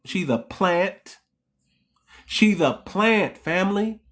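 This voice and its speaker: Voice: medium pitch, lively intonation, slow, a bit bright. A channel host in a heated commentary monologue, repeating points and firing off rhetorical questions at the audience, whom the host keeps calling family. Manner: rhetorical questions, emphatic restarts.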